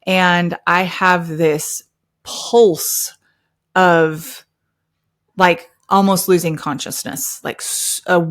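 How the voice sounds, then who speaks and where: A woman in her thirties hosting a podcast, telling a personal story in a lively way and acting out the other people's lines. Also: lowish voice. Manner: animated, acts out quoted dialogue. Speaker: podcast host.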